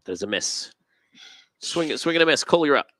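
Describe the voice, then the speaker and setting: A man narrating a tabletop game as its game master, his voice swinging up and down with lots of life. His tone is bright and clear, recorded close and dry. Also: a little high, brisk, no echo. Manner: animated, directs players' turns.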